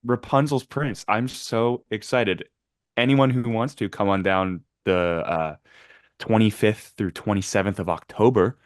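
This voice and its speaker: A young man in college hosting a casual podcast chat, talking fast and laughing often. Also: on the low side, no echo, clean studio sound. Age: young adult. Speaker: podcast host.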